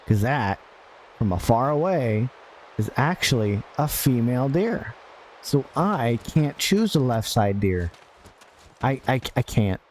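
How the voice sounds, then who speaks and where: A man drifts through casual gameplay commentary at an unhurried, drawn-out pace. His voice is soft and mellow, and he rambles into absurd jokes, laughs often and mutters asides at the screen. A faint hiss of noise sits under the recording. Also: mid-range voice, expressive. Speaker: gaming podcast host.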